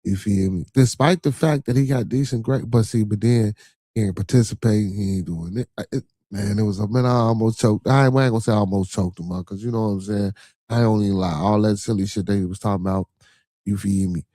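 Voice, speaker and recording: Low-ish, fast and dark-toned with no echo, the voice belongs to a middle-aged Chicago-accented man hosting a livestream podcast. His casual monologue stays loose and profane, and nearly every thought gets tagged with a question to the listener, most often "you feel me."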